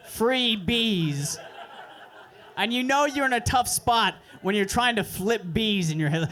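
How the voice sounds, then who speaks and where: High-voiced young man doing crude deadpan stand-up. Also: measured pace. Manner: deadpan, crude, self-mocking delivery. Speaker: stand-up comedian. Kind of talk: stand-up set at an open mic. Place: comedy club stage.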